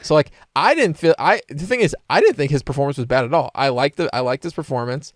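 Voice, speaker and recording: Halting man in casual podcast chat. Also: fairly high pitch, animated, no echo, studio quality. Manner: repeats himself, halting restarts. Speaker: podcast co-host.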